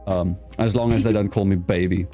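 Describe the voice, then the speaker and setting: A man's voice: low-pitched, steady tone, brisk, mellow, faint music behind. A young man hosting a casual interview, playful and teasing, often stammering and restarting. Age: young adult. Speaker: host.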